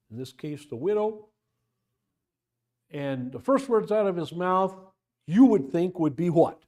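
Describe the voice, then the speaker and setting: A man leads a church Bible study in a loose, conversational way. His slightly high voice swings up and down a lot as he fires off rhetorical questions and acts out little quotes. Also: darkish tone. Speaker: Bible teacher. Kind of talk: informal Bible class teaching. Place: church classroom.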